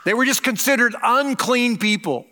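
An older male pastor delivers a Christmas sermon from the pulpit, his voice high-pitched and bright. He preaches earnestly and lets key phrases stretch out slowly. The sound carries a long reverb from the church around him. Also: animated. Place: church sanctuary.

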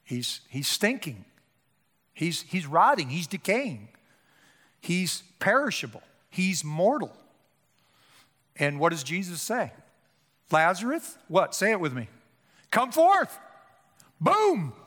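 An older man preaching a sermon, impassioned, swinging between loud emphatic calls and hushed low appeals. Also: big pitch swings, slow pace, pauses often. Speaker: pastor. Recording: long hall reverb.

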